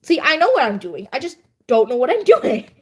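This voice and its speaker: A woman's voice: sits high, big pitch swings, a little fast, husky. A young woman livestreaming, chatting casually and laughing at herself while editing her writing. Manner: self-deprecating, chatty, laughs often. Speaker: livestreamer and writer.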